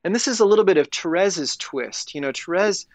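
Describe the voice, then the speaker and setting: A man, a priest and podcast guest, explains spiritual ideas in a reflective, thinking-aloud way. His voice sits a bit high for a man. The sound is close and dry. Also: animated, brisk, dry recording. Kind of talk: conversational spiritual discussion.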